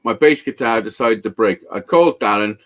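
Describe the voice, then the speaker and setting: A man who repairs guitars, telling a story in casual live-show chat with lots of swearing and excitement. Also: on the low side, brisk.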